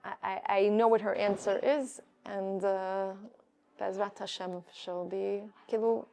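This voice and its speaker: Woman teaching a relaxed class. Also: medium pitch, measured pace, gravelly, a little hiss or hum. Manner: conversational, with many restarts and Hebrew terms. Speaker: Torah teacher. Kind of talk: informal class lecture.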